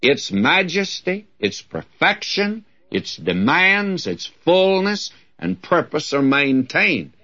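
A man teaching through a Bible epistle in an emphatic, lively preaching cadence. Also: on the high side. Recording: dull lo-fi broadcast recording.

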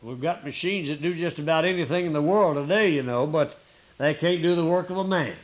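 A man preaching a sermon in a folksy, unhurried way, pausing often with "uh" and repeating key points for emphasis. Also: fairly high pitch.

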